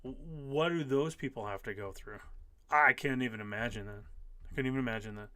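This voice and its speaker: Brisk and forceful, this fifty-something man speaks at medium pitch with a bright tone and no echo. He runs a casual live stream, reading out viewers' comments and answering with emphasis, frequently repeating important phrases.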